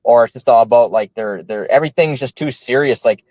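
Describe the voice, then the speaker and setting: A man co-hosting a podcast in casual chat, talking in a halting, rambling way with many fillers and restarts. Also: medium pitch, darkish tone, no echo, rough recording. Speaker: podcast co-host.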